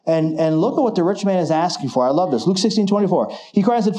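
Emphatic preacher man, mellow voice. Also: high-pitched, lively intonation, fast, hardly any pauses. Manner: emphatic, rising to forceful declarations. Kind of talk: sermon.

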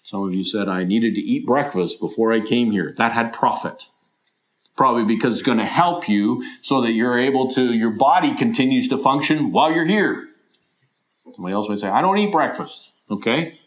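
A middle-aged male pastor preaching a sermon at a mid-range pitch. He talks earnestly and asks his listeners questions, sometimes voicing their doubts. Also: animated, normal speed. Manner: earnest, questioning preaching with quoted imagined voices.

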